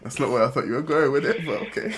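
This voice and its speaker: A man's voice: medium pitch, quick pace. A man hosting a podcast, chatting casually with dry, questioning remarks. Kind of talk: casual chat. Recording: noisy with crowd chatter.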